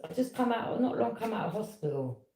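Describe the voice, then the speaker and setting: A woman, telling a personal story in a casual, animated and indignant way, with quick "yeah?" asides. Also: medium pitch. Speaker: tarot reader. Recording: echoey room.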